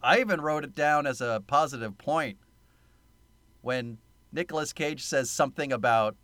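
A man's voice: medium pitch, moderate pace, fairly bright tone, dry recording. A man co-hosting a casual film review podcast, sarcastic, laughing often and swearing freely. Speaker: podcast co-host.

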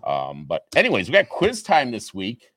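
A man's voice: medium pitch, huge pitch swings, normal speed, fairly bright tone, no room sound. A man co-hosting a casual sports and trading card podcast, ranting and joking. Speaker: podcast co-host.

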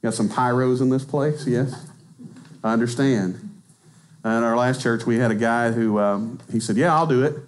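A man, raised in Arkansas, preaches in a church at a middle pitch. His talk stays loose and chatty, full of joking asides. He lifts his voice to act out the quotes. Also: fairly even intonation, moderate pace, a little mellow, slight background noise. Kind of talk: conversational sermon. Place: church sanctuary.

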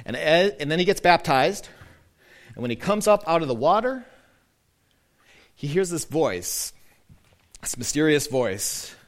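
Lively, animated male pastor preaching. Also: on the high side. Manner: lively, conversational preaching with soft, slowed quoted lines. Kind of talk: sermon.

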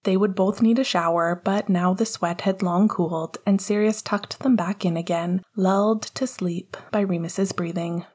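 A woman narrating a story in a calm, intimate reading voice. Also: medium pitch, moderate pace, hardly any pauses, slightly rough. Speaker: audiobook narrator. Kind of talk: scripted narration.

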